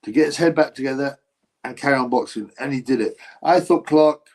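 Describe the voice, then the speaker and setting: A man's voice: medium pitch, a little fast, rough recording. A man hosting a casual boxing livestream, reading chat and giving blunt, mocking opinions.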